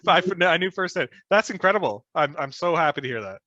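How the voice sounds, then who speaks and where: A man's voice: a little high, animated, fast, bright, forceful tone, no room sound, highs cut off. A man telling stories as a podcast guest in a casual, rambling way, swearing and laughing often. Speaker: podcast guest, former band musician. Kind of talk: casual storytelling chat.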